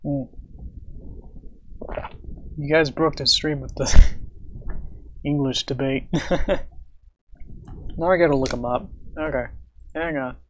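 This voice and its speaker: Slow-talking man musing aloud on a stream. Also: a little high, fairly even intonation, a bit bright, a little hiss or hum. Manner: thinks aloud, hums and chuckles while he works. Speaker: livestreaming artist. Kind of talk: casual livestream chat while drawing.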